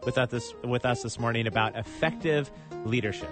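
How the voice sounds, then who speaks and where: A man's voice: medium pitch, brisk, over music. A man hosting a morning radio show, chatty and friendly, announcing segments and bantering with a guest.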